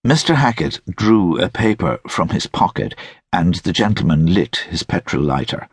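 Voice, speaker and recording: Male narrator, deep and husky, slow and deliberate, dry close studio sound. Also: animated, dry recording. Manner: measured, wry, deliberate. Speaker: audiobook narrator. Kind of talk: literary audiobook narration. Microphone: close studio mic.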